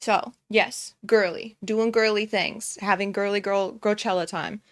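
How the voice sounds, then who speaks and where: A woman's voice: medium pitch, fairly even intonation, a little slow. A young woman streamer giving casual reaction commentary, often breaking into giggles as she talks. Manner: giggly, keeps breaking into laughter.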